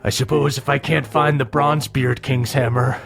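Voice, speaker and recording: A man's voice: mid-range voice, fairly even intonation, moderate pace, creaky, lightly acted. A man voicing a proud, scornful male dragon who taunts his foe. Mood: sneering. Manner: sneering, taunting.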